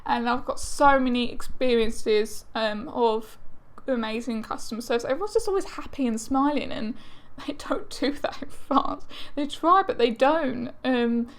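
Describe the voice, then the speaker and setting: A woman's voice: fairly high pitch, measured pace. A young woman vlogging casually to camera, chatty and exasperated, with lots of fillers.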